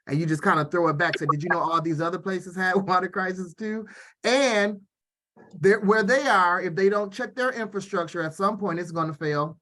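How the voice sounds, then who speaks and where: Male talk show host, high bright voice, brisk moderator, video call. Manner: brisk, directive. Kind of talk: moderating a panel.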